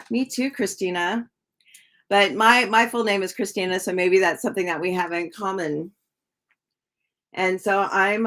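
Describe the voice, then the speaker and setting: Slow, gravelly-voiced woman tarot reader. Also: mid-range voice, a bit bright. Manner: chatty, reads out viewer comments and answers them; slow and drawn-out with many ums. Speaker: tarot reader streaming live. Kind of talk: casual live-stream chat with viewers.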